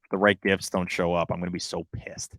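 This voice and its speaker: Young man, podcast co-host, excitable, bright forceful tone, dry close sound. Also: sits low, brisk, no room sound. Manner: excitable, swings loud and quiet. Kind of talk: casual sports podcast chat.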